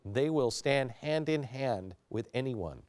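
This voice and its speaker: A middle-aged man hosting a political monologue show, dramatic, dropping to a hush and then rising to hammer his points. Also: mid-range voice, expressive, takes it slowly, no echo. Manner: dramatic, swings between hushed and emphatic. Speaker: host.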